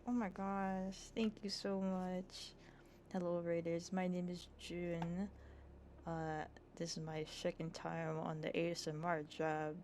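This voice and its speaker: A woman streamer talks gently and unhurriedly into an ASMR mic in her bedroom, laughing often and filling her chat with casual fillers. Her voice sits a little low. There is a faint hiss behind her. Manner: soft, giggly, chatty with fillers. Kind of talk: soft-spoken ASMR reading and chat. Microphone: ASMR microphone.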